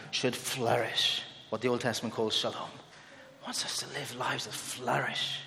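A man preaching a sermon in an animated way, acting out the people he quotes. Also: medium pitch. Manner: animated, dramatizing quoted speech. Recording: long hall reverb.

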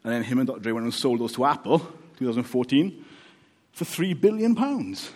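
His voice is medium-pitched, darkish and sing-song, moving at a fairly quick pace. The Welsh man preaches in a chatty, joking way, regularly turning to the congregation with an "okay?"

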